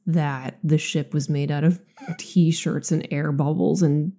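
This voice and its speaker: A woman's voice: sits low, steady tone, takes it slowly, warm tone. A woman in her thirties with a slight lisp, co-hosting a casual podcast and talking bluntly with lots of swearing and filler words. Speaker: podcast co-host. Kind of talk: casual chat.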